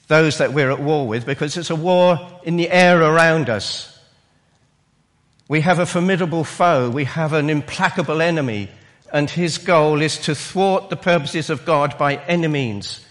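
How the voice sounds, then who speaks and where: A man preaching a sermon in a church, slow and emphatic, with halting restarts. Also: a little high, a bit bright. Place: church hall. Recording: long reverb in a hall.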